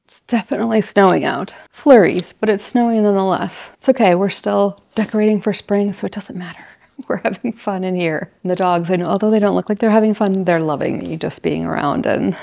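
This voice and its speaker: A woman's voice: mid-range voice, moderate pace, vocal fry, a little mellow. A middle-aged woman chatting casually at home while she decorates, laughing often and telling little stories. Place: home, indoors.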